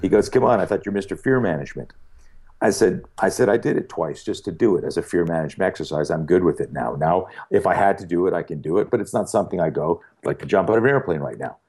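A man's voice: low voice, quick pace, hardly any pauses, breathy edge. A man in his sixties, a fear-management speaker, telling stories in a casual podcast conversation, acting out dialogue with frequent restarts. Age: 60s. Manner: animated storyteller who acts out dialogue with frequent restarts.

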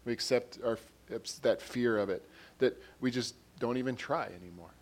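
Preaching earnestly, this man repeats his lines and raises his volume as he recites quotations and passages of scripture. He talks at an ordinary pace with a pitch that stays medium.

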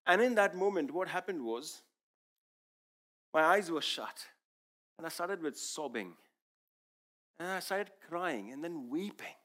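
A man's voice: fairly high pitch, lively intonation, a little slow, pauses often, fairly bright tone. A man whose first language is Urdu, giving an earnest, emphatic sermon testimony as a preacher.

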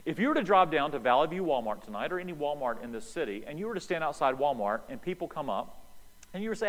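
An American pastor preaches an animated sermon, voicing the characters of a Bible story as he explains it. His voice is fairly high and he talks fast. The low-quality recording has a long reverb tail.

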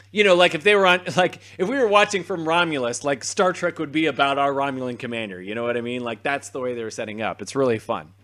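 Higher-voiced man recapping an episode. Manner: lively retelling, acting out scenes. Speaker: podcast co-host.

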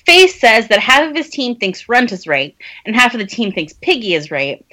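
A woman's voice: on the high side, sing-song, moderate pace, bright, forceful tone. A woman co-hosting a podcast, casually recapping plot and laughing often. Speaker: podcast co-host summarizing the book. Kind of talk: casual chat.

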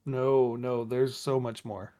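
A man's voice: medium pitch, flat delivery, takes it slowly, mellow. A man co-hosting a gaming podcast, chatting casually and telling dad jokes. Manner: jokey, tells dad jokes. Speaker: podcast co-host.

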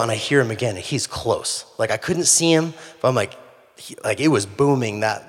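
A man preaching a sermon, telling a humorous story in an animated way. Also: mid-range voice, brisk. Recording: long hall reverb.

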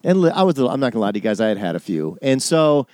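A man's voice: mid-range voice, sing-song, rapid-fire, darkish tone, dry recording, studio quality. A middle-aged man co-hosting a podcast, telling a story in a rambling way, full of restarts and acted-out quotes. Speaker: podcast co-host. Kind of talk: casual chat, storytelling.

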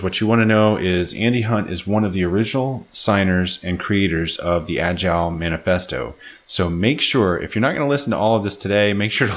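A man co-hosting a podcast in casual chat, upbeat and chatty, laughing easily. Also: low voice. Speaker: podcast co-host.

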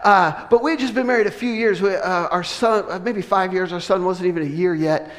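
A middle-aged man from the US West Coast preaching from a church platform. His voice sits high, and he tells a story with animated, self-mocking humor. A long reverb from the big sanctuary trails each phrase. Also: brisk. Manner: animated, self-deprecating humor, frequent restarts. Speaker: pastor. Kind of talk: sermon with personal storytelling.

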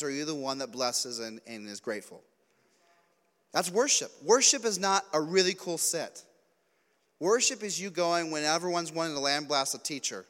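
Animated male youth preacher in a reverberant hall. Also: fairly high pitch. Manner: animated storytelling, acts out quotes, jokey asides. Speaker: youth pastor. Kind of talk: youth sermon with stories.

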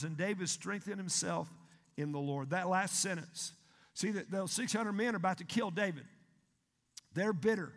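A male pastor, preaching a sermon in an animated, emphatic way and asking the congregation questions. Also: high voice. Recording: long hall reverb.

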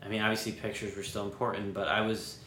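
A man's voice: lowish voice, flat delivery, fast talker, fairly bright tone, echoey room, slight background noise. A man co-hosting a casual podcast, laid-back and matter-of-fact when he explains things. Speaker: podcast co-host.

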